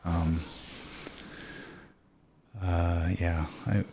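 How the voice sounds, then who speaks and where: A man's voice: low voice, flat delivery, very slow, dark tone, slight background noise. A man hosting a casual podcast chat, answering a question about his childhood dreams in an easygoing way. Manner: easygoing, brief listener responses.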